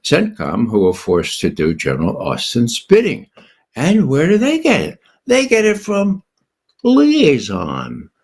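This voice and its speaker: Speaking as a guest political commentator, an older man sounds sardonic and incredulous, pressing each point emphatically with rhetorical questions he puts to himself. His voice is gravelly, husky and fairly low in pitch, rising and falling widely as he talks.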